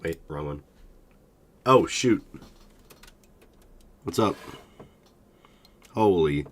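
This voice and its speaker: A man's voice: low-pitched, expressive, extremely slow. A young man streaming a game, talking casually and rambling with many hesitations, sounding sick and tired. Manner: rambling, hesitant, self-deprecating. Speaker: gaming streamer.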